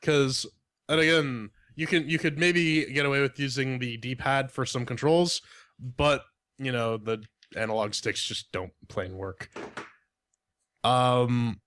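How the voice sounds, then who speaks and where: A man's voice: mid-range voice, steady tone, slow, a bit bright, no echo, clean studio sound. A man co-hosting a game review podcast in casual chat, blunt and profane with lots of filler words. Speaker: podcast co-host reviewing games.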